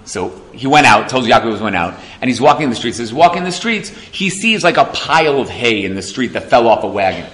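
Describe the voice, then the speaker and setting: A man's voice: medium pitch, big pitch swings, brisk, few pauses, fairly bright tone. A man giving a Torah class, telling stories and acting out the quotes. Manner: storytelling, acting out quotes, laughs along. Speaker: Torah lecturer.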